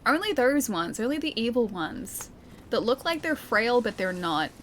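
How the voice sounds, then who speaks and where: This young woman, lightly Australian, keeps up casual gameplay commentary while reading chat aloud, laughing as she goes. Her pitch sits fairly high and she sounds very animated and a bit bright, speaking at normal speed. Giggly, talkative and quick to poke fun at herself, she's heard over a slight hiss or hum.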